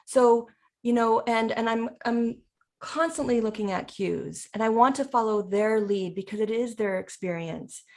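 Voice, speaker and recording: A woman with a slightly high voice explains her thinking in a relaxed presentation. She is reflective and often acts out quoted lines to make a point. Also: measured pace. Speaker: educator and presenter. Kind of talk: casual presentation chat.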